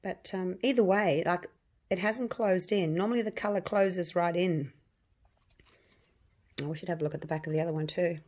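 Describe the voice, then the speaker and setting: A woman with a croaky voice, chatting casually to her viewers and thinking aloud as she works on a resin craft project. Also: fairly low pitch, steady tone, moderate pace, pauses often, darkish tone. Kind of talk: casual chat while crafting.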